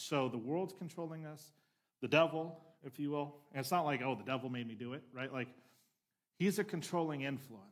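A male pastor preaching a conversational sermon, often checking in with the room and swinging between emphatic lines and quieter asides. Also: mid-range voice.

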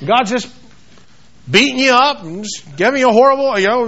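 Passionate high-voiced male preacher. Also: expressive, brisk, fairly bright tone. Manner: passionate, repetitive, quotes scripture in acted voices. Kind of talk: sermon. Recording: dull lo-fi sound.

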